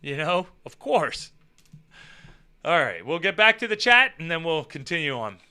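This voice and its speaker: Guy rambling through funny stories, swearing, bright smooth voice, kinda high. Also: moderate pace. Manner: rambling, animated, swears, acts out scenes. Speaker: show host. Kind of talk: casual comedic storytelling.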